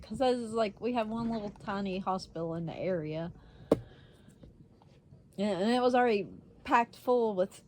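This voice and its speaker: A woman's voice: mid-range voice, darkish tone, slight background noise. A woman vlogger telling a story in a casual, blunt way, swearing freely and laughing often.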